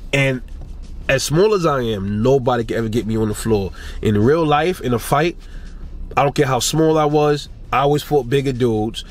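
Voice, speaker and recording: A young man ranting and telling a casual story about fighting, swearing a lot and rising in pitch when he gets riled up. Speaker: boxing commentator.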